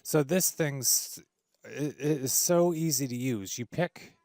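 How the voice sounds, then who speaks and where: Gravelly-voiced man explaining audio software. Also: mid-range voice, slow, no echo, studio quality. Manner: casual, enthusiastic, lots of fillers and restarts. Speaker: audio tutorial host. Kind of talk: screen-recorded software tutorial. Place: home studio with treated room.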